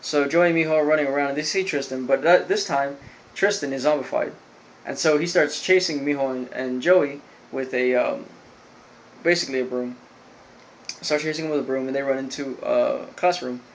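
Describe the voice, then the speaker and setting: A man's voice: medium pitch, normal speed, a little hiss or hum, poor audio. A young man giving a casual, rambling recap of a cartoon episode, full of fillers and "like". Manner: rambling, filler-heavy storytelling with lots of "like". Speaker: video reviewer.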